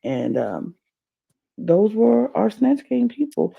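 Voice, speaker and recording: A man's voice: high voice, very animated, slow, gravelly, breathy edge. A man co-hosting a podcast, chatting casually and rambling about a reality show with lots of fillers and restarts. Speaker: podcast co-host. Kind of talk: casual reality-TV recap chat. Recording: dull lo-fi podcast audio.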